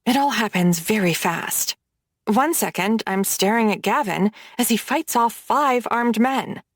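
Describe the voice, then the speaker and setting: Casting: woman narrator for a first-person romance audiobook, unhurried, close mic. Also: on the high side, dry recording.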